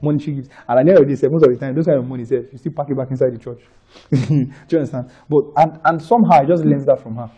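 A man's voice: medium pitch, rapid-fire, dark tone, breathy edge, lo-fi sound. A man with a Nigerian accent preaching a conversational sermon, repeating phrases for emphasis and often checking that listeners are following. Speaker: pastor.

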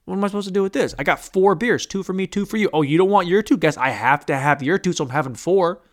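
A man's voice: sits high, fast talker. A man hosting a casual podcast on his own, rambling crudely and mocking himself as he talks. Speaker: podcast host. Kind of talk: casual solo podcast monologue.

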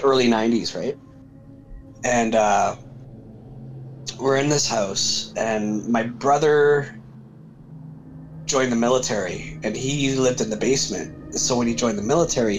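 A man's voice: mid-range voice, rough recording. Chatty man telling a ghost story. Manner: relaxed, chatty, says "right?" often. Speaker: podcast guest. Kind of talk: casual storytelling.

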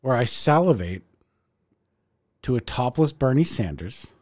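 A man co-hosting a comedy podcast, crude and playful, sometimes going hushed and mock-serious. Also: medium pitch, very animated, a little slow, dry recording, studio quality. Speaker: podcast co-host. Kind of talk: casual comedy banter.

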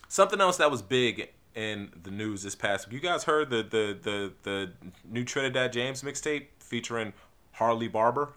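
A New Jersey man hosts a podcast, delivering a casual, rambling monologue that's profane and packed with restarts and fillers. His voice is mid-range with a sharp tone.

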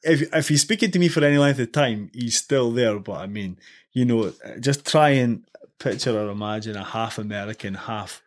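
A man's voice: mid-range voice, normal speed. A young man chatting as a podcast guest, telling stories loosely with lots of fillers and restarts. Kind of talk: casual podcast chat.

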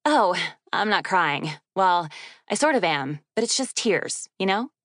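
A woman's voice: medium pitch, big pitch swings, measured pace, fairly bright tone, no room sound, studio quality. A woman voicing a flustered, teary young woman graduate student who stammers and makes fun of herself. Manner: stammering, self-deprecating. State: crying.

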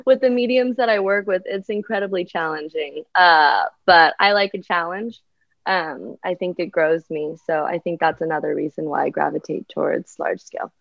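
A woman's voice: on the low side, moderate pace, gravelly, dry recording. Chatty woman artist on a muffled dry line. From United States. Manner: chatty, many ums and likes, laughs often. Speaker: artist guest. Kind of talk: casual interview chat.

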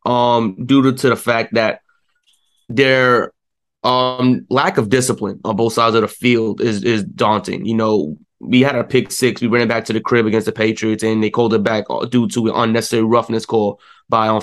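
A man's voice: fairly low pitch, moderate pace. Frustrated young man ranting about sports. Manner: frustrated, animated rant with many fillers. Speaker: sports podcast co-host. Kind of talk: casual sports talk.

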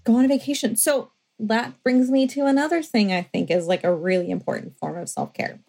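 A woman's voice: a little high, brisk, creaky, mellow, low-quality recording. A woman co-hosting a podcast, chatting casually and animatedly, with lots of fillers and quoted self-talk. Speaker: podcast co-host. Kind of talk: casual chat.

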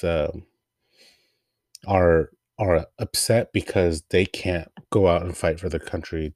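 Deep-voiced man casually rambling. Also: a little mellow, no echo, clean studio sound. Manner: rambling, filler-heavy, trails off with "blah, blah". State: voice wearing out. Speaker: host. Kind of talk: casual comic review.

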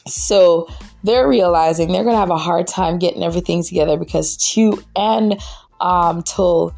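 Tired, gravelly-voiced woman podcaster. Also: fairly low pitch, moderate pace, soft background music. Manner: animated, laughs often, acts out characters' lines. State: tired late at night. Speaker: podcast host reviewing a drama episode. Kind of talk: casual recap chat.

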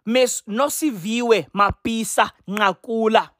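A woman's voice: on the high side, takes it slowly, fairly bright tone, dry recording, clean studio sound. A woman delivering a profane, slang-filled comic rant, repeating her punchlines and swearing freely. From South Africa. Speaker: comedic vlogger. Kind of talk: profane comedic rant to camera.

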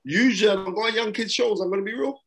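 A man's voice: high-pitched, fast, a bit bright. A middle-aged man, a boxing broadcaster guesting on an interview, giving motivational advice in an emphatic, repetitive, preacherly way with street slang, speaking from a hotel room. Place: hotel room during lockdown.

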